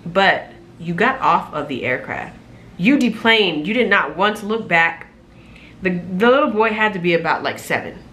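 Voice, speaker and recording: A young adult woman and flight attendant, telling a story in a casual, animated, sassy vlog from a room at home, recorded on a camera mic. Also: fairly low pitch, moderate pace. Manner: animated, sassy, loud laughs, exclaiming.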